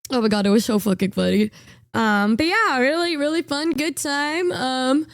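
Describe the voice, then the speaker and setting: High-voiced stammering young woman streamer. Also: normal speed, dry recording, clean studio sound. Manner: rambling, stammering, giggly and bashful. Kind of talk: casual storytelling chat.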